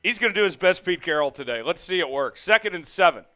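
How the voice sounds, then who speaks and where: A man's voice: high-pitched, lively intonation, quick pace, pushed and bright, soft background music. A man hosting a live sports watch-along stream, fired up, calling the plays and reading out viewer comments. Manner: amped, hyped, calls plays and reads chat. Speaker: host.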